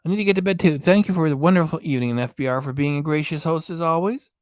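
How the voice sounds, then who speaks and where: A man's voice: a little high, racing, dry recording, clean studio sound. A man hosting a casual late-night livestream chat, reading viewer comments aloud into a desk microphone and answering them in a folksy, joking way. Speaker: livestream host.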